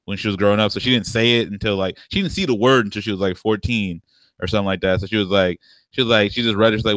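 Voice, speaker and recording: Racing through his words, a man with a low, fairly bright voice and fairly even intonation co-hosts a podcast, telling slangy stories and laughing a lot in a relaxed way. His family is from the American South. No room sound is audible.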